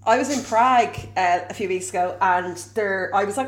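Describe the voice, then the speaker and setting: A woman's voice: mid-range voice, brisk. A woman co-hosting a podcast, chatting casually and telling travel anecdotes. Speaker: podcast co-host. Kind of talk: casual chat.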